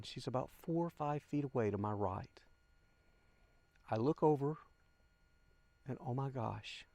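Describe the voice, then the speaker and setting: A man's voice: mid-range voice, dark tone, no echo. An older man, a channel host, telling a heartfelt personal story straight to his listeners. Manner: heartfelt, addresses listeners as folks.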